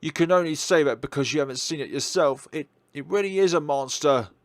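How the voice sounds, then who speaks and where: A man voicing a frightened young woman in a horror game, loud and pleading. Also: deep voice, fairly even intonation, a little fast, dry recording, pitched below the performer's own voice. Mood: angry, scared.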